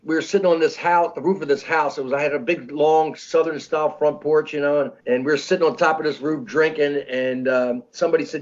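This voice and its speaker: Guest comic in his sixties, a bit high, rambling restarts, dull lo-fi sound. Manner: rambling, halting with many restarts. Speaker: comedian guest. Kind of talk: casual storytelling interview. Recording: dull lo-fi audio.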